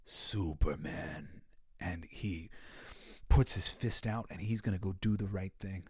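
A man hosting a podcast and giving casual, emotional commentary. He swings between soft, heartfelt stretches and loud, excited bursts. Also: lowish voice, a little fast, slightly rough, no room sound, studio quality. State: tearful. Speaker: podcast host.

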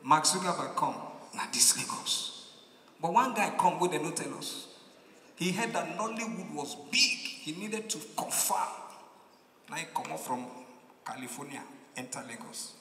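A man's voice: a little high, moderate pace, reverberant, in a large hall, a little hiss or hum. A man with a Nigerian accent doing stand-up comedy, telling a story and acting out its characters. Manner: animated storytelling, acting out voices, shouting punchlines.

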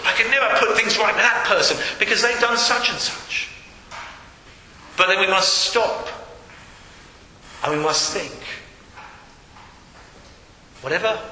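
A man preaches to his church in a high, very bright voice, earnest and steady as he reads scripture aloud. His words ring out through a large church hall with a long, echoing reverb and a faint ambient hum behind him. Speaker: pastor. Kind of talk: sermon.

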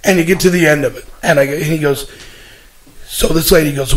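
A male host with a slightly raised pitch talks casually with his guest. He meanders through a long anecdote, dotting it with "uh" and "you know". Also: fairly quick, rough recording. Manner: meandering storyteller with many fillers. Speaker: show host. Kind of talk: casual chat.

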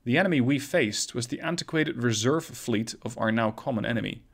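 A grave, earnest foreign naval captain, delivering a formal wartime report in a steady mid-range man's voice, as a gaming narrator reads his lines. He sounds formal and sincere, telling of the battle in a war story told over a naval strategy game. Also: medium pitch, brisk, gravelly.

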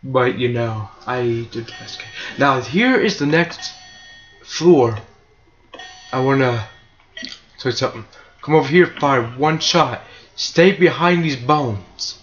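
A man's voice: mid-range voice, slow, faint music behind. A young man casually commentating his own speedrun, rambling and self-mocking with sarcastic asides. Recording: muffled lo-fi with steady hiss.

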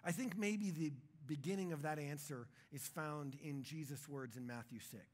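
A man preaching a sermon in a church, in a conversational, jokey and animated way. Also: a little high, normal speed, few pauses. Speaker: pastor.

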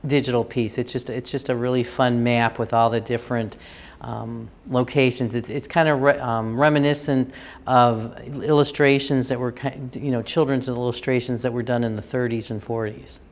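A woman's voice: extremely low pitch, fairly even intonation, normal speed, darkish tone. A woman guiding viewers through an art exhibition, chatty and enthusiastic, with frequent ums and restarts. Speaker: gallery curator giving a tour. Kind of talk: unscripted gallery tour walkthrough.

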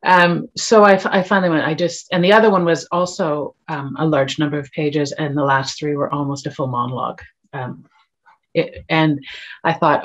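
A woman's voice: sits low, fairly even intonation, moderate pace. Middle aged canadian woman, chatty, tells audition stories with little laughs. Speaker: guest actor. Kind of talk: casual chat.

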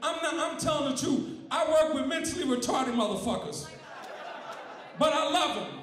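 A man's voice: extremely high pitch, lively intonation, normal speed, fairly bright tone. A man doing a profane, punchy stand-up routine. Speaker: comedian. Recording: very echoey room with faint crowd.

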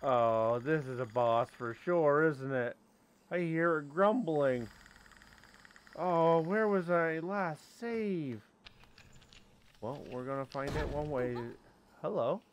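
A man's voice: on the high side, slow, long pauses, a little hiss or hum. A man giving casual commentary as he plays a game, talking to the creatures on screen and breaking into sudden yelps and exclamations. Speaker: let's play host.

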